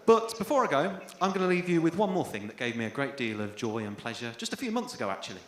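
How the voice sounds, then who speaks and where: Deadpan English stand-up with sudden shouts. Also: male voice, medium pitch, fast talker. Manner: dry, self-deprecating delivery with sudden loud outbursts. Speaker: first-time stand-up comedian. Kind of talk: stand-up comedy set. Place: comedy venue on stage. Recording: echoey live venue with faint room noise.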